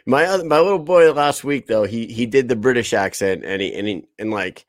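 A man's voice: mid-range voice, animated, moderate pace, dry recording, studio quality. A man in his thirties hosting a podcast in loose, profane casual chat, laughing often. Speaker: podcast host.

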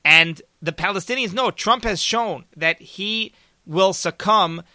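A podcast host, a man, speaks in a high, very bright and cutting voice, recorded dry and close. He talks in an emphatic opinion monologue, stacking rhetorical questions and turning to his listeners as folks. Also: measured pace, no room sound.

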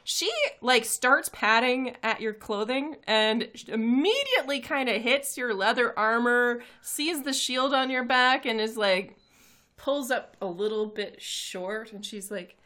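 A woman's voice: a little high, unhurried, pushed and bright. A woman running a tabletop game as game master, narrating descriptively and laughing easily.

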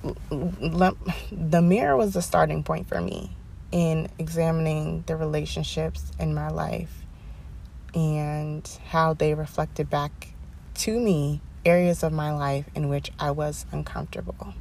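A young woman hosting her own podcast, talking casually and animatedly, with sassy asides and drawn-out emphasis. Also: low-pitched, fairly even intonation, gravelly, a little mellow, slight background noise. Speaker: podcast host. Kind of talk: casual solo podcast monologue. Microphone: headphones, home podcast mic.

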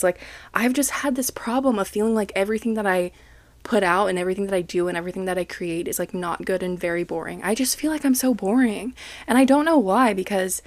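A woman's voice: medium pitch, dry recording. Young woman, podcast host, frank rant, self-deprecating, laughs and swears, close dry sound. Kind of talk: casual solo podcast rant. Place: home, other people coming and going.

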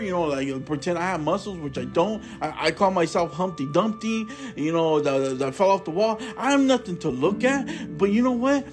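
A man hosting a religious podcast who talks earnestly and fervently, repeats himself, and calls his listeners brothers and sisters. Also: high-pitched. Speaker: podcast host. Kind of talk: informal religious podcast monologue.

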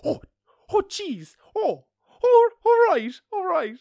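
A man doing a shrill very old woman. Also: very animated, slow, vocal fry, dry recording, studio quality, full character voice. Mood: flustered. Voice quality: high, shrill and loud. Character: very old woman, polite and startled.

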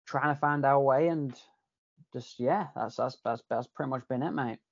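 A man's voice: mid-range voice, normal speed, gravelly, no room sound, muffled recording. A man speaking as a podcast guest in casual conversation, rambling and repeating words as he searches for them.

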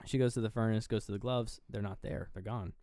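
A man's voice: fairly low pitch, steady tone, fairly quick, mellow, dry recording, studio quality. A man co-hosting a podcast, casually retelling a horror movie scene by scene, rambling, swearing freely and laughing at himself. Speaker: podcast co-host.

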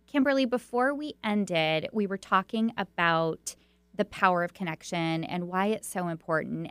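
A woman's voice: mid-range voice, clean tone, dry recording. Woman hosting a radio talk show. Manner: warm storytelling with many fillers and restarts. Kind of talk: conversational radio interview.

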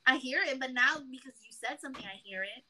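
A young woman with a Bronx accent, co-hosting a casual podcast chat, animated and profane, often laughing mid-sentence. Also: high-pitched, fast, a crowd in the background. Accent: Bronx New York. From New York. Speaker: podcast co-host.

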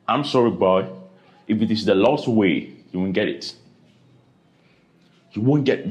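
A man preaching a sermon, dramatic, with sudden high cries and repeated questions. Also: sing-song, a little slow, pauses often.

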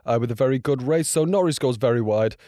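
A young man with a hoarse, strained voice, talking through a race in a casual, excitable and rambling way, full of fillers and restarts. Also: medium pitch, fast, dry recording, clean studio sound. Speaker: motorsport video creator. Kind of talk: casual reaction and race breakdown.

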